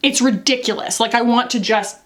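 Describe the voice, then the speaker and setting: A young American woman talks through her makeup in a loose, candid, chatty way. Her voice sits a little high for a woman, and she laughs often as she goes. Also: fairly quick. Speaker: beauty vlogger. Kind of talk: casual makeup review.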